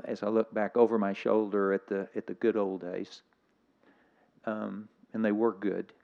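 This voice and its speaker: A man's voice: fairly low pitch, vocal fry, a little mellow, muffled recording. An older man preaching a sermon in a reflective, slightly weepy manner. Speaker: guest preacher.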